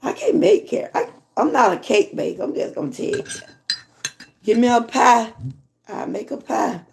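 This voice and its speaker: A hoarse woman from Georgia with a Southern accent, chatting casually with her livestream viewers and reading their comments. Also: a little high, sing-song, darkish tone, a little hiss or hum. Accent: Southern American. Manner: chatty, drawn-out, talks to viewers as y'all. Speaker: livestream host.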